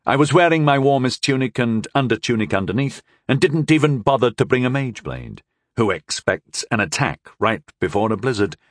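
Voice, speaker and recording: A man narrating an audiobook in the first person with a wry, expressive storytelling manner. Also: medium pitch, normal speed, dry recording, clean studio sound.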